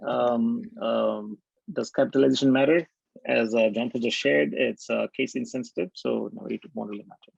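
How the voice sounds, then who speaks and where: A man's voice: medium pitch, fairly even intonation, normal speed, creaky, husky, no room sound. A man, moderating a webinar, reading out audience questions with hesitant fillers over a video call. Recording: dull lo-fi call audio.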